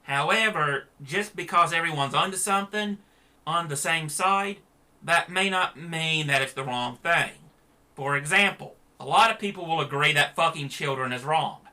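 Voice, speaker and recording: A man's voice: on the high side, normal speed, sharp tone. A man giving a blunt, sarcastic opinion rant to the camera as a vlogger.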